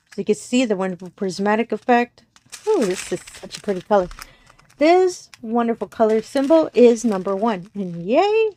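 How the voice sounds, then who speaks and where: A woman's voice: fairly high pitch, a little mellow, slight background noise. Giggly woman gushing over crafts. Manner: giggly, gushing, apologizes often. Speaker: crafting channel host. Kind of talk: casual unboxing narration. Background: crinkling plastic packaging.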